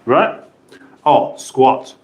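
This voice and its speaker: The echoing home kitchen carries a British livestream host's chatty, jokey banter as he reads viewer messages in playful voices. His mid-range voice swings widely in pitch and he draws out his words.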